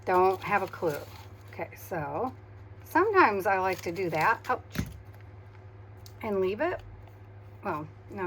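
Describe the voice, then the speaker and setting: A woman, tired after a migraine, chatting softly to herself while she crafts, humming and murmuring as she works. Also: medium pitch, very animated, slow pace, pauses often, slight background noise. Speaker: craft video host.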